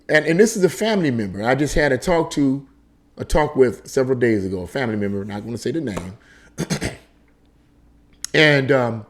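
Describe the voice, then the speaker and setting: A man hosting a casual political commentary monologue, emphatic and conversational, repeating his points as he tells a story. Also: medium pitch. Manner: animated storytelling with frequent repetition. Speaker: political commentary channel host.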